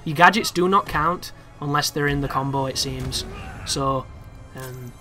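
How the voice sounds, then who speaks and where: A young man giving casual, chatty commentary over a video game walkthrough, excitable and swearing freely. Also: medium pitch, unhurried, soft background music. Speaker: gameplay commentator.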